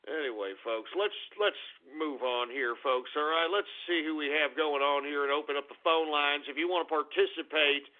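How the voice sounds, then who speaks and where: A man's voice: on the high side, normal speed, hardly any pauses. A male call-in radio host who sounds winded and lightheaded, swearing and ranting in agitated bursts, then dropping to a mutter. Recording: tinny phone-like call-in audio.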